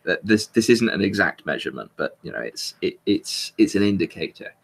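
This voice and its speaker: A man's voice: sits low, sing-song, fairly quick, vocal fry, husky. A man hosting a comedic chat, talking in a blunt, sweary way. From Britain. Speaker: host.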